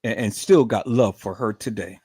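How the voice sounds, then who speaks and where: A man's voice: lowish voice, normal speed, mellow, breathy edge, no echo, clean studio sound. Furious profane man ranting. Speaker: live-stream host. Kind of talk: angry commentary on a clip.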